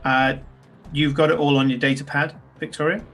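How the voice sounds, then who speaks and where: A man's voice: on the high side, flat delivery, moderate pace, a bit bright, soft background music. A man narrating as game master in a tabletop game, talking loosely with fillers and restarts. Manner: loose, descriptive, many ums and restarts.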